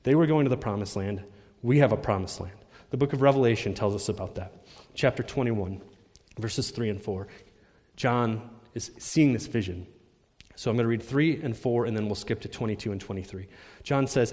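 A man's voice: expressive, darkish tone. Earnest man preaching in a reverberant hall. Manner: earnest, rises in pitch and volume when reading scripture aloud; halting restarts, repeats words. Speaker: pastor. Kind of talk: sermon and closing prayer. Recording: long reverb of a church hall.

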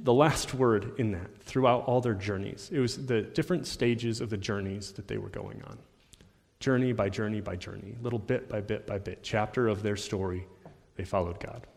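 A man, a pastor, giving an earnest sermon and leading a closing prayer, often restarting and repeating words. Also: a little mellow. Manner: earnest, rises in pitch and volume when reading scripture aloud. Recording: long reverb of a church hall.

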